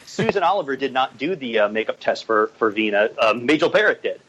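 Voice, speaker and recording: A man guest, a director and writer, talking casually on a podcast with many pauses and fillers. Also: mid-range voice, animated, a bit bright, a little hiss or hum, low-quality recording. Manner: hesitant, many fillers, chuckles at his own stories.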